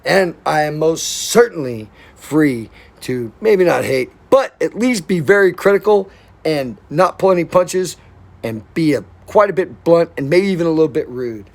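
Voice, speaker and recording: Blunt sweary guy rambling on his channel, kinda high gravelly voice, heartfelt. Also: lively intonation, normal speed. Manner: affectionate, heartfelt. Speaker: vlogger. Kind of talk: casual monologue to camera.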